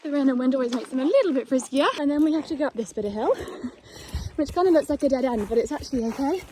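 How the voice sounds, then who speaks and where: A woman's voice: high voice, quick pace, dark tone. A woman vlogging on her phone while walking her horse outdoors, chatty and cooing to the horse, a little out of breath. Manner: chatty, coos baby talk to her horse. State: out of breath from climbing a hill. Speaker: equestrian vlogger. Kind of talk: casual vlog narration while walking a horse. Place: outdoors at a horse yard and on hills. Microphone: phone held while filming. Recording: outdoor phone audio with clear background noise.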